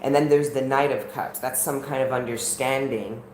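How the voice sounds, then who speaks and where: A woman's voice: rumbling low, fairly even intonation, moderate pace, darkish tone. Chatty woman giving a live tarot reading. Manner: earnest, chatty, talks straight to viewers. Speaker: tarot reader. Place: at home in the country. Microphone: camera on a live stream. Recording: roomy with faint background noise.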